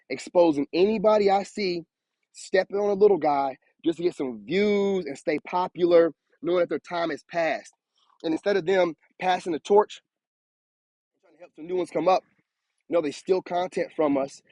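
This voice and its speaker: A man's voice: high-pitched, moderate pace, a little mellow, no room sound. A man, giving an emphatic, repetitive motivational monologue to his viewers. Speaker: spiritual content creator.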